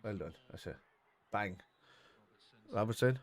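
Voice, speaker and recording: A man co-hosting a football watch-along, calling out excited reactions to the play and swearing freely. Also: medium pitch, brisk. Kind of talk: live match watch-along chat.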